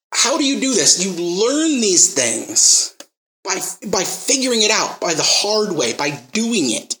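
A man's voice: sits high, pushed and bright, roomy sound, a little hiss or hum, low-quality recording. A man preaching a sermon, telling stories and acting out the quotes, then pressing the listeners with emphatic rising questions.

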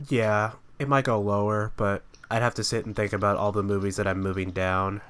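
A man with a smooth, resonant, fairly low voice talks through his picks in easy podcast chat. He sounds relaxed and opinionated, and his sentences often fade off softly at the end. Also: brisk. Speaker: podcast co-host. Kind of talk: casual chat.

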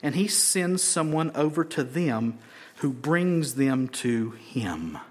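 A man preaching a sermon, acting out crowd voices and swinging from shouts down to whispers. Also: mid-range voice, animated, slow pace, breathy edge. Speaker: pastor.

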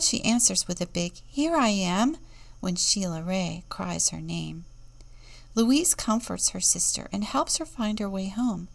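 Slow, gravelly-voiced woman deacon reading. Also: fairly low pitch. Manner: slow, expressive storytelling with whispered asides. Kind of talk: reading a picture book aloud, then reflection.

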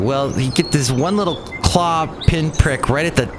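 A man's voice: a little high, normal speed. Brief: chatty Californian man, wry solo podcast host, traffic noise in the background. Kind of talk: casual rambling monologue.

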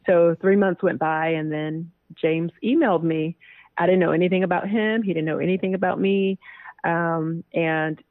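A woman's voice: on the low side, fairly even intonation, moderate pace, dry recording. A woman in her thirties, an interview guest telling stories in a chatty way and laughing often. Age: 30s. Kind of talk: casual interview chat. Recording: tinny phone-like dry line.

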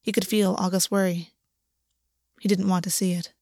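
A woman narrates a story aloud in a soft, even manner. Her voice sits at a medium pitch. The recording is dry and close, with no echo. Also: moderate pace.

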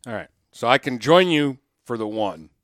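A man co-hosting a casual sports podcast, relaxed as he reads off game stats. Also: medium pitch, moderate pace, no echo, clean studio sound. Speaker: podcast co-host.

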